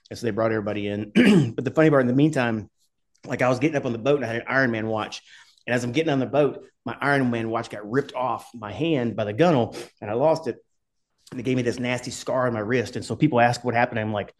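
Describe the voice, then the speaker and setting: Middle-aged guy rattling off a story fast, swearing, laughing, casual chat. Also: medium pitch. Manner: fast, rambling, swears and laughs while telling stories. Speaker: podcast guest, former Army skydiver.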